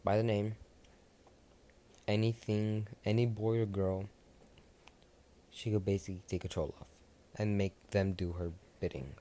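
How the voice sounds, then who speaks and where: A man's voice: fairly low pitch, fairly even intonation, unhurried, long pauses, dark tone. A young man casually telling a fan story, rambling and swearing freely.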